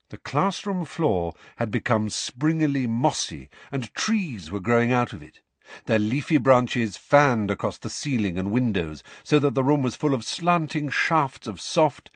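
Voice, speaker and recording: A man narrating an audiobook in an expressive, varied storytelling manner. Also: mid-range voice, unhurried, no echo. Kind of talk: scripted narration.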